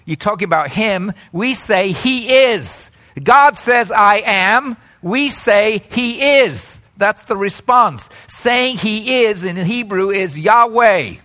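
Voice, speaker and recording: A male preacher, teaching a sermon in an animated, joking way and calling out key words loudly. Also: high voice, slow pace.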